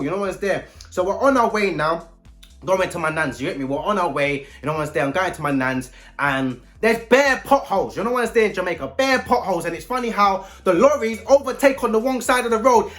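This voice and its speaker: Animated man telling a story. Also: sits high, fairly quick, faint music behind. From London. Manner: slang-heavy and animated, breaking into loud outbursts. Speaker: vlogger. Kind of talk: casual storytime.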